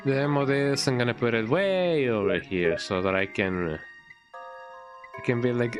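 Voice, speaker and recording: A man's voice: medium pitch, moderate pace. A man streaming a game with casual, playful commentary. He repeats words in a goofy sing-song and often ends sentences with "eh?". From Mexico. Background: game music.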